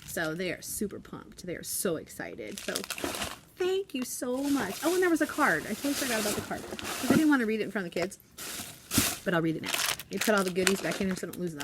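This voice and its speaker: A woman's voice: mid-range voice, expressive, a little fast, heavy background noise. A woman who teaches elementary school, chatting casually in a vlog from her classroom desk. She talks in a bubbly, chatty way and giggles often.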